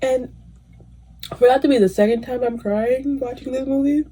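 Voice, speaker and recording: A woman in her twenties giving a casual, animated movie review, emotional and swearing freely. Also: sits high, normal speed, slight background noise. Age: 20s. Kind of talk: casual chat.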